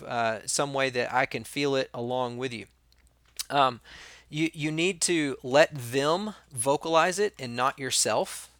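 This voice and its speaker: A man's voice: mid-range voice, fairly bright tone, dry recording, studio quality. A man talking casually about resolving conflicts, sometimes acting out what kids and he said. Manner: conversational, acts out kids' and his own lines in quotes. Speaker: former school staff member giving advice. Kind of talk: casual advice talk.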